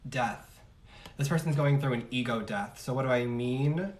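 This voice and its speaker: A man's voice: mid-range voice, normal speed, far from the mic. A man giving a casual tarot reading on a livestream, chatty and slangy, joking at his own asides. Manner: chatty, slangy, laughs at himself. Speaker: tarot reader. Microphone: phone on livestream.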